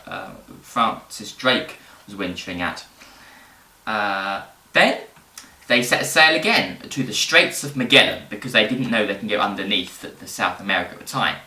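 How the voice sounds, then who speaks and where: A man presenting history in casual educational storytelling, animated and rambling, with fillers and jokes. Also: mid-range voice. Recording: roomy, distant mic.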